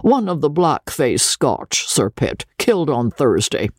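A man voicing a grave, pompous older butler who announces dinner slowly and solemnly. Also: fairly high pitch, sing-song, dry recording, pitched above the performer's own voice. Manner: grave, slow, stately.

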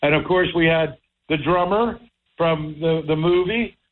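A man's voice: fairly high pitch, measured pace, phone-quality sound. A male radio show host in casual talk show chat, enthusiastic and repeating himself as he searches for words.

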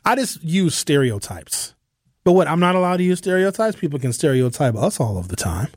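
A man's voice: a little high, big pitch swings, fairly quick, dry recording. A man hosting a casual talk radio show from a studio, joking and offhand. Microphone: studio mic.

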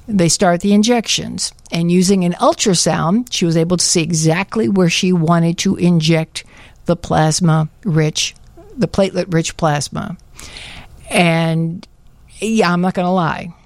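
A woman co-hosting a radio show, telling a personal story in casual chat with animated delivery. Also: on the low side, dry recording. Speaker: radio co-host.

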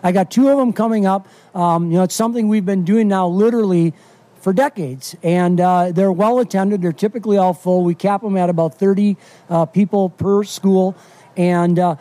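Man, middle-aged, from Wisconsin, fishing guide, casual radio interview, folksy, enthusiastic, high voice. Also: steady tone, moderate pace, dark tone, no echo. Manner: enthusiastic, folksy, lots of fillers.

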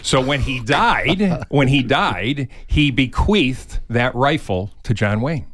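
A man's voice: medium pitch, animated, slow, fairly bright tone, no room sound, clean studio sound. Rochester-accented radio movie guy. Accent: Rochester, New York. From Rochester, New York. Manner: storytelling, laughs often, says "uh" a lot. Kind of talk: radio talk segment.

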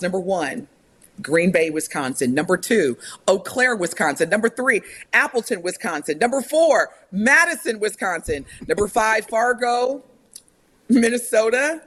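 Animated woman radio co-host. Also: medium pitch. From Indiana. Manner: animated, laughing, reading a list aloud. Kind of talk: casual chat.

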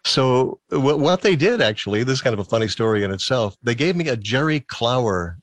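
A man's voice: medium pitch, expressive, fairly quick, no echo. A man from Massachusetts with a fairly neutral American accent, talking as a radio guest and telling stories with frequent laughs. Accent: neutral American, Midwestern-sounding. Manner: chatty, storytelling, laughs often. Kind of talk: casual interview chat.

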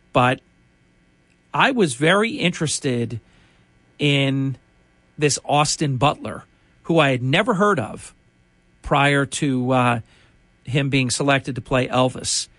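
A man's voice: fairly high pitch, fairly bright tone, dry recording. A male radio host giving a chatty, opinionated on-air monologue full of restarts.

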